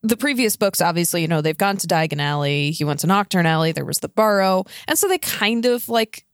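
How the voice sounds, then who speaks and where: A woman's voice: on the low side, lively intonation, brisk, dry recording, clean studio sound. A woman co-hosting a casual book discussion podcast, talking loosely and often saying "like" and "you know". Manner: chatty, heavy use of "like" and "you know". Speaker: podcast co-host.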